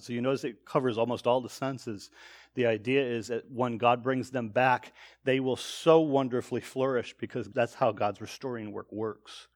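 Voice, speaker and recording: A man teaches from scripture verse by verse in a mid-range voice. He reads each passage aloud with extra lift, then settles into steady explanation. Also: mid-range voice. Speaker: preacher.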